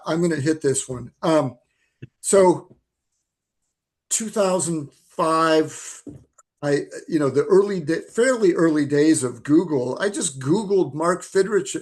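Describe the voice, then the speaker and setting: A man in his sixties joins an interview by video call and tells stories with lively energy. His voice sits a little higher than most men's, and he talks in a warm, chatty flow. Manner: lively, animated storyteller. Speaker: filmmaker guest. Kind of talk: storytelling interview answers.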